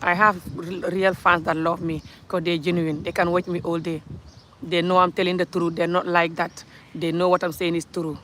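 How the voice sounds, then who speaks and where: A woman's voice: lowish voice, little pitch movement, normal speed, fairly bright tone, slight background noise. Blunt Gambian woman ranting to camera. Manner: blunt, emphatic, repetitive, breaks into laughter. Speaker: vlogger. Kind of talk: ranting vlog monologue.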